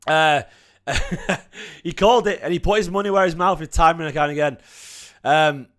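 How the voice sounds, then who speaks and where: A young man with a slight cough, hosting a casual fan livestream and reading out chat messages in an excitable, emotional, chatty way. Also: on the high side, unhurried. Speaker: fan channel host reading live chat.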